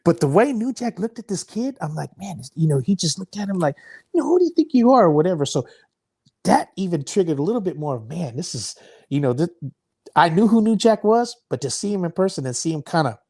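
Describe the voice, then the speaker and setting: A man's voice: fairly high pitch, expressive, a little fast, darkish tone, slightly rough. A man, a wrestling guest, telling a long story in an interview, laughing often and restarting words.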